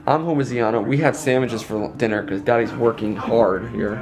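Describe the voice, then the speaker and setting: A man's voice: mid-range voice, fairly even intonation, normal speed. An exhausted man chatting casually for his vlog at home, rambling and self-mocking. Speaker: vlogger and dad. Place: indoors at home. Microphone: handheld camera held up high.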